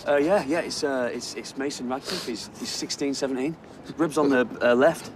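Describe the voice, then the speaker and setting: A man's voice: medium pitch, background noise, close to an everyday voice. An actor playing a shaken young man, stammering through an emergency call in a TV soap drama. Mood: flustered. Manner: hurried, stammering.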